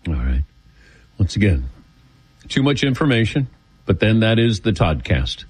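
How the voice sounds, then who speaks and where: A man's voice: fairly low pitch, big pitch swings, unhurried, darkish tone, slightly rough. A man hosting a sports talk radio show, taking calls and reading segments with wry delivery.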